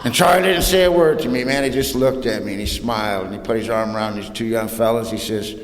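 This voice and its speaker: A man's voice: mid-range voice, quick pace, few pauses. Man in his 60s, plainspoken storyteller in a big echoing hall. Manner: plainspoken, humorous storytelling with slang. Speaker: recovery meeting speaker. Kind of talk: personal story told to an audience. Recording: roomy hall reverb, faint noise.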